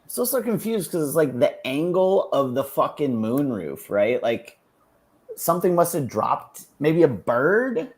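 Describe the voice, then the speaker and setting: A man's voice: on the high side, sing-song, a little slow. A man co-hosting a podcast, casually telling a story with plenty of swearing. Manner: profane, storytelling, laid-back. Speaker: podcast co-host. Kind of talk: casual chat.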